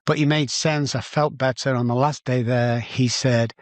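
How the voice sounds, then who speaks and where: Speaking on a dry recording, a middle-aged Englishman with a Manchester accent tells an interviewer about his life, acting out the dialogue with animation. His voice is medium-pitched and fairly even in intonation, at a moderate pace.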